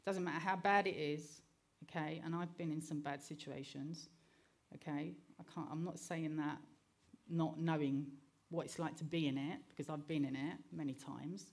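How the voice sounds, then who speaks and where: Earnest woman preaching, lowish voice. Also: steady tone, moderate pace, vocal fry. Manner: earnest, checks in with the listeners by asking "okay?"; personal stories woven into scripture teaching. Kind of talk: sermon.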